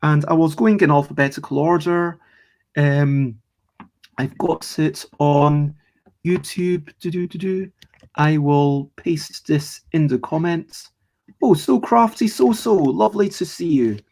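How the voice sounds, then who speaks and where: A man's voice: on the high side, slow pace, vocal fry, darkish tone. A man hosting a casual live stream, rambling chattily about board games and greeting viewers in the chat as he goes. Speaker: streamer and host.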